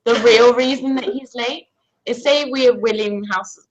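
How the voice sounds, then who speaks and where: A woman's voice: on the high side, normal speed, lo-fi sound, crowd noise. A woman from London with a London accent, a musician chatting casually in an interview and laughing easily between hesitant fillers. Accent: London English. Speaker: musician guest.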